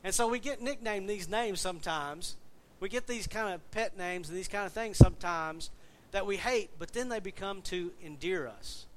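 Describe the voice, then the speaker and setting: A man's voice: high voice, normal speed, hardly any pauses. Folksy joking pastor, man. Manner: folksy, joking, chatty with congregation. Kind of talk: casual sermon. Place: church.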